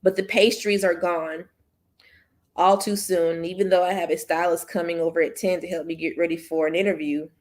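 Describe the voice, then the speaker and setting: Woman host, low voice, reads fiction aloud, casual asides to viewers. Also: flat delivery, moderate pace, darkish tone. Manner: chatty, slips and restarts, speaks to viewers as y'all. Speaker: book club host.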